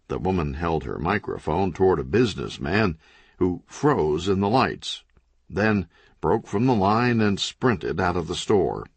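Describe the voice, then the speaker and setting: A man reading a crime comedy audiobook in scripted narration with an animated, dry comic delivery. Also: deep voice, a little slow, husky, no echo.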